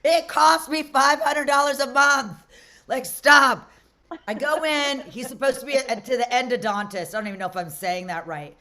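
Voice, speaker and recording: Woman, middle-aged, from Las Vegas, comedy host, stand-up, brash, rambling, higher voice. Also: normal speed, sharp tone.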